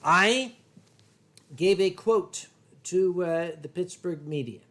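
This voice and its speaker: High-voiced profane middle-aged man. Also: slow, a bit bright. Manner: profane, anecdotal, slips into funny voices. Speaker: convention chairman and show host. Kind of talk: casual drinking chat on a livestream.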